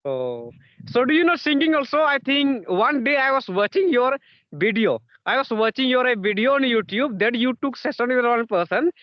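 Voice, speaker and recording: A man's voice: extremely high pitch, animated, normal speed, no room sound, highs cut off. A man interviewing in casual conversation practice, repeating himself and filling gaps with "you know" and "yes, yes".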